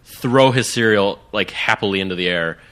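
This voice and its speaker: Young dude on a podcast, low voice but really bright, rambles a lot. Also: male voice, normal speed. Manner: rambling, excitable, lots of "like". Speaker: podcast guest. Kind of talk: casual chat.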